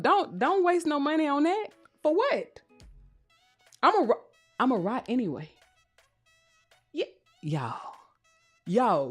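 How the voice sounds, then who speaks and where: A woman's voice: on the low side, no echo. A young woman from Texas hosting a live podcast, reading viewer comments aloud and chatting casually with plenty of laughter and teasing. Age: young adult. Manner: reads chat comments aloud. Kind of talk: casual live-stream chat. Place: home. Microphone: close microphone.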